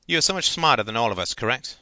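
A man's voice: mid-range voice, very animated, a little fast, bright, forceful tone, dry recording. A man voicing a stern, sarcastic female English teacher who barks at her pupil. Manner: sarcastic, barking.

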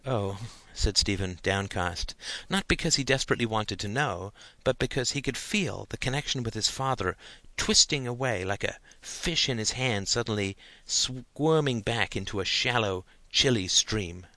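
A man narrating a novel in a measured, unhurried audiobook reading. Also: lowish voice, expressive, pushed and bright, no room sound.

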